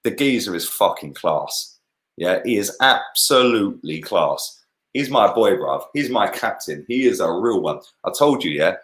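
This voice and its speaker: A young man co-hosting a football podcast chats animatedly about the game, full of slang and swearing. His voice is low and a bit bright, and he takes his time.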